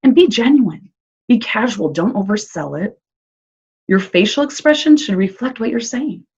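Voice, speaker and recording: A woman's voice: fairly high pitch, lively intonation, moderate pace, a little mellow, slightly rough. A woman social worker giving an upbeat, encouraging talk to parents, chatty with fillers, with a Midwestern American accent. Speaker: early childhood social worker. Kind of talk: recorded presentation for parents. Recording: dull lo-fi recording.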